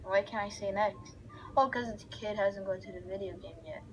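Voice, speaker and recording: Excitable young woman narrating a game. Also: medium pitch, normal speed, muffled recording, slight background noise. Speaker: gamer. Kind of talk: let's play commentary.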